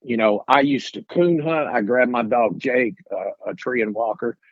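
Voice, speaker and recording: In a casual storytelling interview, a middle-aged Arkansas man tells of his encounter, rambling folksily and restarting his sentences. He talks at normal speed in a medium-pitched voice, captured in a muffled recording without room sound.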